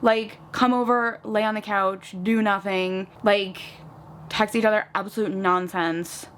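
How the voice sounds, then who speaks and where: A woman's voice: mid-range voice, a little slow, slight background noise. Chatty young woman vlogging at home. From US East Coast. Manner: chatty, peppered with "like", animated retellings. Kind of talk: casual get-ready-with-me chat.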